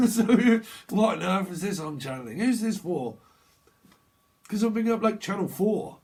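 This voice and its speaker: Bloke doing a loose tarot reading, raspy husky voice, bit high, jokes and word games. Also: male voice, expressive, a little slow, a little mellow. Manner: rambling free association, jokey wordplay, slangy. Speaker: tarot reader. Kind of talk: casual off-the-cuff tarot reading.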